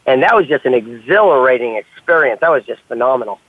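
A man telling stories in a casual conversation, animated and acting out the dialogue he quotes. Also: mid-range voice, quick pace, no echo. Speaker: author and podcast guest. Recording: tinny phone-like line.

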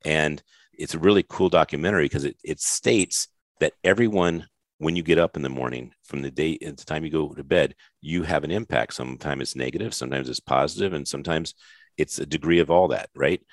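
A man's voice: very deep voice, fairly quick, no room sound, studio quality. A man hosting a podcast interview, talking in a rambling, effusive, jokey way. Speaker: podcast host. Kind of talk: casual interview chat.

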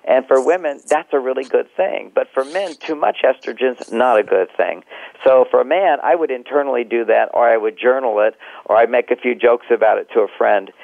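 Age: middle-aged. Sex: man. Role: relationship counselor. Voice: gravelly. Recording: tinny phone line. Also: mid-range voice, darkish tone, no echo. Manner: reflective, talks himself through examples, chuckles often. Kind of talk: conversational advice in an interview.

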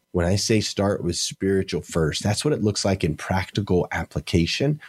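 A man's voice: sits low, a little mellow. A middle-aged man speaking as an interview guest, earnest and emphatic, repeating phrases for effect. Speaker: morning show host. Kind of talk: motivational interview talk.

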